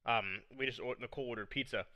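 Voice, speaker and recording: A man's voice: mid-range voice, fast, bright, forceful tone, dry recording. A man co-hosting a podcast, chatting casually and laughing often. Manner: laughs often, does mocking voice impressions. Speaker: podcast co-host.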